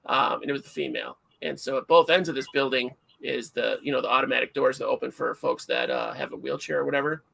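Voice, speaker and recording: A middle-aged man hosting a livestream, chatting casually and telling stories in an animated, self-mocking way. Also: medium pitch, fast talker, creaky, few pauses. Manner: animated storyteller, self-mocking, acts out shouts. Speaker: livestream host.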